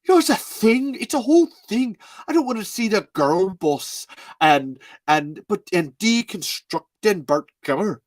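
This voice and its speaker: A chatty, gushing Irish fellow, put on by a man who swoops way up high and ends his lines with a questioning "eh?". The sound is dry and close, with no room echo. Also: lively intonation, unhurried. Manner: sing-song and exaggerated, ending lines with "eh?".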